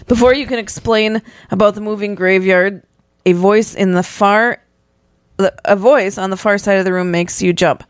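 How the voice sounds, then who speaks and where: A woman's voice: fairly even intonation, normal speed, no room sound, studio quality. A woman hosting a podcast, reading a spooky choose-your-own story aloud with playful dramatic emphasis. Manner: reads with playful dramatic emphasis, pitching up for the child's lines. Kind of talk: animated story reading with voiced characters.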